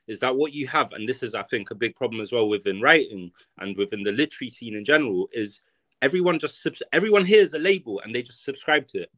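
A man's voice: mid-range voice, fairly bright tone, no room sound. A man with a London accent, a guest author talking in a casual podcast conversation, ranting in a blunt, emphatic and profane way.

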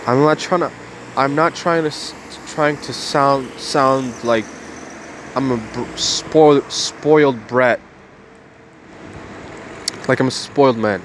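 A man's voice: mid-range voice, fairly even intonation, slow pace, long pauses, slight background noise. A man in his twenties talking to his viewers in an earnest, emotional monologue, repeating and restarting his phrases. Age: 20s. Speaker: vlogger.

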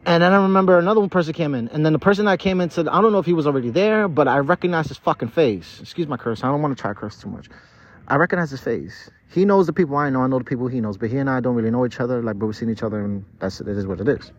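A man's voice: mid-range voice, very fast. A tipsy man hosting a podcast outdoors in a city park. He rambles through a casual, profane monologue, full of stammered restarts. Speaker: podcast host. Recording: dull lo-fi outdoor recording.

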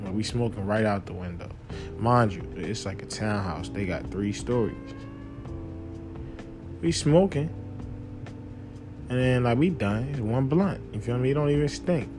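A young man hosting a casual talk show, telling loose, profane stories in a relaxed way that breaks into loud, animated outbursts. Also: medium pitch, measured pace, pauses often, music in the background. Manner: relaxed, laid-back while smoking. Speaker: podcast host. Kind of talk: casual storytelling monologue.

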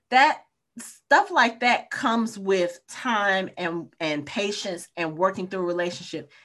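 A woman's voice: medium pitch, normal speed. A woman co-hosting a casual podcast about a TV show, talking it through with friends and acting out characters' lines as she goes. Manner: animated, acts out characters' lines. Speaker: podcast co-host.

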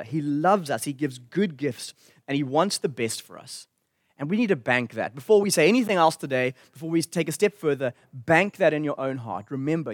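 A man's voice: a little high, no room sound, clean studio sound. A man preaching a sermon in an earnest, conversational way. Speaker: pastor.

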